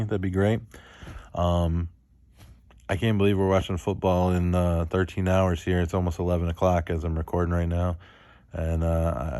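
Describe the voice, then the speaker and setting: A man hosting a fantasy football show alone, talking in a monotone and rambling with many fillers. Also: low voice, dry recording, studio quality. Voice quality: monotone, self-described. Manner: rambling, lots of ums and uhs. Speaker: fantasy football league host. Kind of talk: solo casual podcast commentary.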